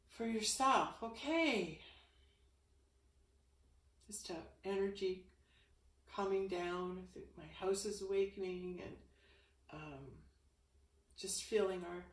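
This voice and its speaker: A woman leading a spiritual yoga session, speaking slowly and soothingly with sighs between phrases. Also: mid-range voice, reverberant. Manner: slow, soothing, with sighs and breaths.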